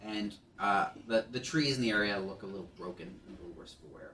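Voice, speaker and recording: Guy running a tabletop game, lots of ums, lowish voice, echoey room, far off mic. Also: a little fast, sharp tone. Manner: hesitant, full of ums and restarts. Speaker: game master.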